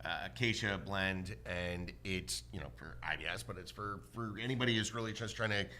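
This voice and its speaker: A man with a somewhat low but bright, forward voice holds forth in a loose podcast conversation. He tells stories and slips into voices for the people he quotes. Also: brisk, a little hiss or hum. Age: adult with a son. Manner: storytelling, acts out voices in quotes. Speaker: podcast co-host. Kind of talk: casual panel chat.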